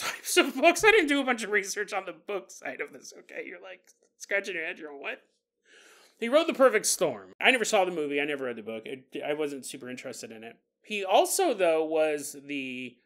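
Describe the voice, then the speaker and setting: A man's voice: fairly high pitch, fairly bright tone. A male podcast host telling a story in a casual monologue, joking and laughing at his own asides and acting out the people in it.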